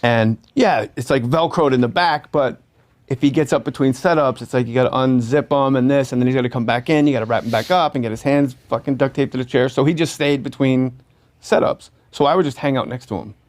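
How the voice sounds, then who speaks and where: A man's voice: medium pitch, brisk, darkish tone. A man telling funny anecdotes as a guest on a podcast, laughing through his own stories. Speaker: guest comedian.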